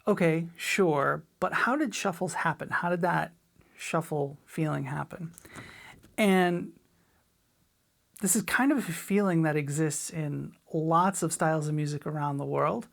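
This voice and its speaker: A middle-aged woman teaching a drum lesson in a relaxed, chatty way, sometimes scatting rhythms aloud. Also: deep voice, unhurried, vocal fry. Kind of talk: casual spoken lesson.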